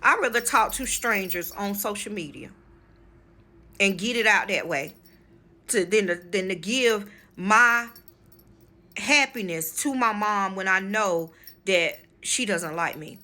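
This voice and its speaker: A woman with a bright, forceful voice tells a personal story straight to her viewers in a casual vlog. She is frank and emphatic, calls her audience y'all, and swears freely. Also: mid-range voice, slow. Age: adult, married with children. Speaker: spiritual channel host.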